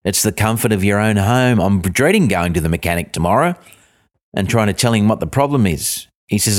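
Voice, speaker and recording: A middle-aged Australian man telling a swearing, ranting comic story, breaking into high outbursts. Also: expressive, brisk. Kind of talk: comic monologue.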